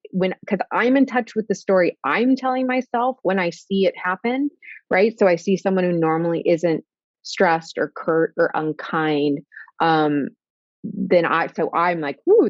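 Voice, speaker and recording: A woman in her forties, a therapist, explaining in a thoughtful, animated conversational way with small laughs. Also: low-pitched, no room sound. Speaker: therapist guest. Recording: slightly dull lo-fi audio.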